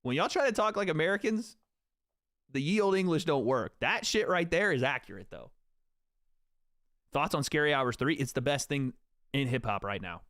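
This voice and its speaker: A man's voice: fairly high pitch, lively intonation, normal speed, long pauses, a bit bright, no echo, clean studio sound. A young man hosting a livestream, joking and swearing casually as he talks to his chat. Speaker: streamer host.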